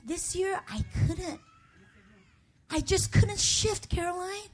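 Speaking slowly at an extremely high pitch, a middle-aged woman pastor delivers a personal, emotional sermon. Her preaching is confessional and conversational, with call-and-response and asides to her congregation.

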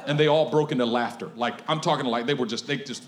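A man preaching a sermon through a personal story, swinging from hushed tones to shouting and laughing often. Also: mid-range voice, fast talker, roomy sound.

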